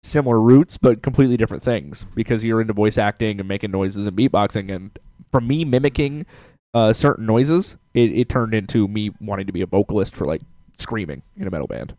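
A man's voice: fairly low pitch, a little fast, dark tone, no echo. A man hosting a casual podcast, talking in a laid-back, rambling way. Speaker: podcast host. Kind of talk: casual chat.

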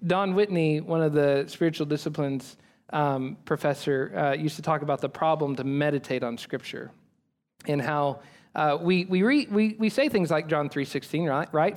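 A man's voice: a little high, moderate pace. A man preaching a sermon as pastor, earnest and emphatic, building on repeated phrases.

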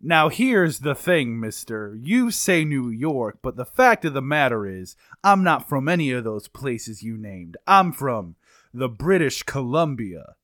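A man's voice: medium pitch, sing-song, unhurried, fairly bright tone, dry recording, clean studio sound. A man improvising a shifty garbage man who dodges questions and keeps changing his story. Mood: smug. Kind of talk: improv comedy scene.

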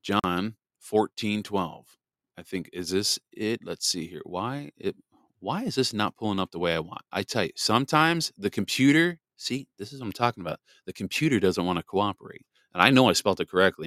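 A man's voice: sits low, a bit bright, dry recording, studio quality. A man hosting a live podcast in a rambling, chatty way, greeting listeners by name. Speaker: podcast host. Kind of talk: casual live podcast chat.

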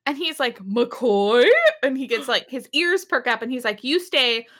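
A woman's voice: high-pitched, animated, a little fast, bright, forceful tone. A young woman co-hosting a casual chat, animatedly retelling a TV episode, putting on characters' voices and laughing often. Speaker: podcast co-host recapping an episode.

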